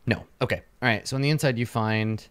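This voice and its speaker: A man's voice: lowish voice, quick pace, fairly bright tone, smooth. A man as dungeon master, casually narrating a tabletop game and restarting phrases as he goes.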